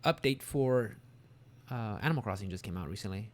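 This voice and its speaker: A man's voice: lowish voice, animated, a little fast. A man co-hosting a casual gaming podcast, easygoing and agreeable, chatting loosely. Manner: easygoing, agreeable, fillers and restarts. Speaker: podcast co-host.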